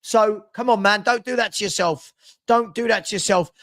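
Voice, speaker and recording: A man's voice: high voice, moderate pace, no room sound. A man hosting a fan live stream, reading out super chats and bantering with viewers. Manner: chatty, animated, banters with viewers.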